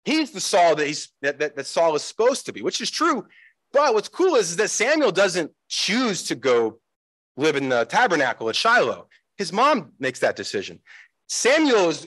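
A pastor, a man, preaching a sermon in an animated way, acting out the voices he quotes. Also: sits high, dry recording, rough recording. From United States.

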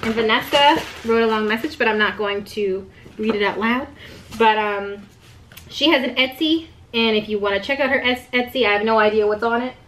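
A young woman, excitedly chatting while opening gifts for her baby daughter. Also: on the high side, moderate pace. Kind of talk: casual unboxing chat. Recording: noisy home recording.

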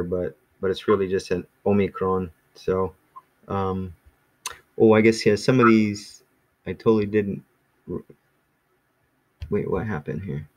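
A man teaching a small class in a relaxed, rambling way, with many ums and restarts. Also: low voice, measured pace, long pauses, highs cut off. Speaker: Greek teacher.

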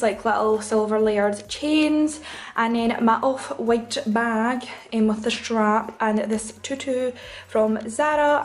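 Chatty woman vlogging. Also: on the high side. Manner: chatty, excited, rushed. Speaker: fashion vlogger. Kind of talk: casual vlog chat. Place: hotel room.

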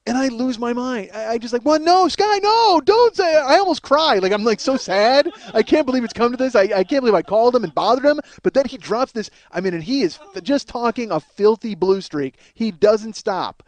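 A man with a notably high voice tells a raunchy personal story as a comedian host. He rambles, swears freely, and keeps repeating and restarting his sentences. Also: brisk, hardly any pauses. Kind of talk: crude comic storytelling.

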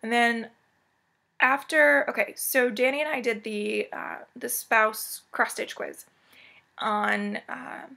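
A woman's voice: fairly high pitch, fairly even intonation, takes it slowly, creaky, pushed and bright. A woman vlogger at home giving a casual, rambling cross-stitch update full of asides.

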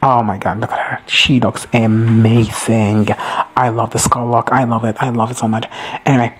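A man recapping a show in a casual reaction video, gushing and excitable, swearing freely. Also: medium pitch, moderate pace, slightly rough, low-quality recording.

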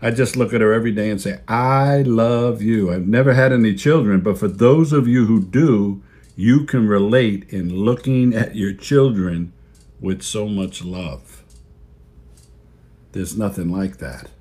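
A fairly low-voiced man preaching to his church in a plain, folksy way. He repeats his key phrases for weight and talks like he's chatting with his flock. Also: measured pace, a little mellow. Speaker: pastor. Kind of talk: sermon. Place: church video service.

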